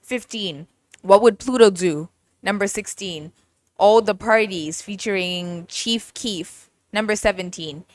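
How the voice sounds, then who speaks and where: Animated young woman podcast host. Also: medium pitch, no room sound. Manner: animated, laughs often, mimics voices. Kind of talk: casual podcast chat about music.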